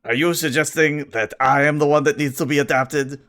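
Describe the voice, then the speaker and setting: A man voicing a gruff, argumentative male alien engineer who picks at every detail in a tabletop game. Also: fairly high pitch, fairly even intonation, fairly quick, a bit bright. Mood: prickly. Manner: pedantic and combative.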